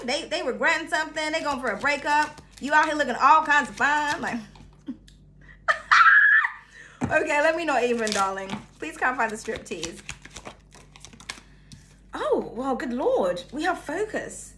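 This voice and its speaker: A young woman giving a casual tarot reading, chatty and laughing often, her voice jumping between loud bursts and hushed asides. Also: sits high, animated, unhurried, pauses often, slight background noise. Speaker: tarot reader.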